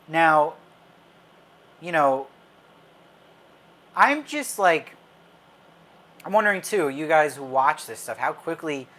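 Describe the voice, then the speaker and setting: A man's voice: medium pitch, bright, forceful tone, a little hiss or hum. A man hosting a live stream as a film commentator, talking casually with viewers and answering their comments in a chatty, opinionated way with frequent fillers and restarts.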